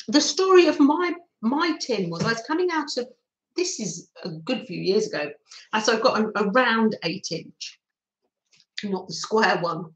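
A woman hosting a live craft stream, chatting warmly with viewers and giggling often. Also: a little high, echoey room, low-quality recording. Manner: chatty, giggly, talks through snacking. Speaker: livestream host reading viewer comments.

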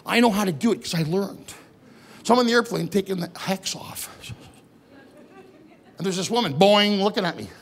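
A middle-aged man from Greece doing loud, animated stand-up comedy on a club stage, shouting his punchlines. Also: sits high, normal speed, vocal fry, pauses often. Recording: live club recording with crowd noise. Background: live audience laughter.

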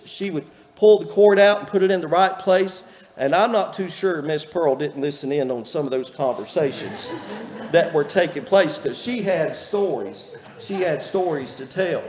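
A man's voice: a little high, darkish tone. A man, a pastor preaching a sermon in a folksy, earnest storytelling manner. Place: church sanctuary. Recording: echoey church hall reverb.

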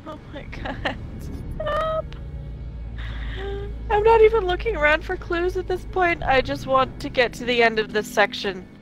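Gamer: woman, high voice, panicky, swears, game music. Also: lively intonation, moderate pace, few pauses. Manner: panicky, swearing, repeats exclamations. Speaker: co-op game player. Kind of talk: reactive gameplay commentary.

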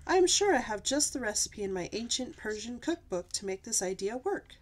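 A learned male tutor from a children's storybook, calm and reassuring, read by a woman in an unhurried, soothing way. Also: on the high side.

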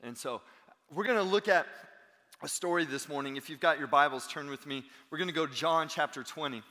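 Bright-voiced pastor in reverberant church. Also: male voice, on the high side, a little fast. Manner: animated storytelling, acting out quotes. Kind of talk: sermon. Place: church sanctuary.

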